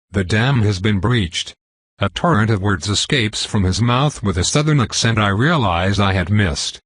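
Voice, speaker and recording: A man reading a web novel aloud as narrator, in measured first-person storytelling. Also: on the low side, a bit bright, slightly rough, no room sound. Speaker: audiobook narrator.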